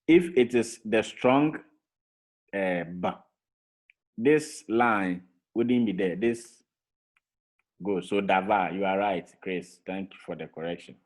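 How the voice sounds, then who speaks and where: A man's voice: low-pitched, slow pace, long pauses. A man teaching a Hebrew vocabulary lesson to a class over a video call, patiently repeating each word for drilling. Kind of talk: online language lesson. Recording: tinny phone-like call audio.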